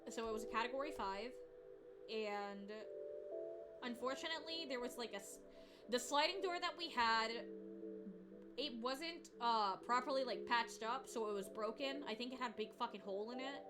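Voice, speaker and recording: A high-pitched young woman chats casually on a stream. She rambles and swears through her stories, breaking into laughs, with clear music playing behind her. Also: moderate pace. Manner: profane, rambling, laughs often. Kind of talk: casual chat storytelling.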